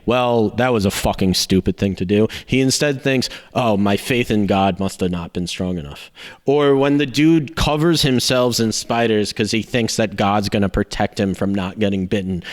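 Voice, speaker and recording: A young man talking movies on a podcast at an everyday middle pitch. He rambles through his points, laughs easily and swears casually. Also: clean tone. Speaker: podcast host. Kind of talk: casual movie review chat.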